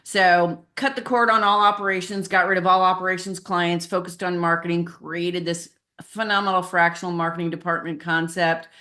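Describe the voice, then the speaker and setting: A middle-aged woman speaks as an interview guest in a relaxed, conversational way. Her voice sits a little low for a woman. She tells her story frankly and brings it to life by acting out what people said. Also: normal speed, hardly any pauses. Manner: candid, animated storyteller who acts out voices in quotes. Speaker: podcast guest, marketing consultant. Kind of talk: casual interview chat.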